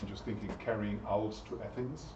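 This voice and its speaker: A man lecturing a university class in a relaxed, chatty way, stopping often to put questions to the students. He sounds distant in an echoey lecture room, and the recording is dull and muffled. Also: lowish voice, a little fast, slight background noise. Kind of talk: interactive lecture.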